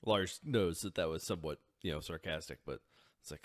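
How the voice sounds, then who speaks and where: A man plays a tabletop game and talks casually. His voice sits low. He drops dry, sarcastic remarks between his moves. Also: fairly quick. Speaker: player.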